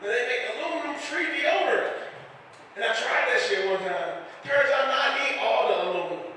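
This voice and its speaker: A man performing a stand-up comedy set, telling loose, profane stories and pushing his punchlines up into shouts. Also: very high-pitched, expressive, fairly quick, slight background noise. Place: comedy club stage. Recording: echoey room from far off.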